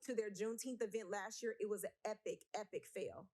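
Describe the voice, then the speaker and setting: A woman's voice: mid-range voice, fairly even intonation, a little fast, darkish tone. A woman speaking at a city council meeting, emotional, blunt and emphatic as she argues her point. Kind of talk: impassioned council meeting speech.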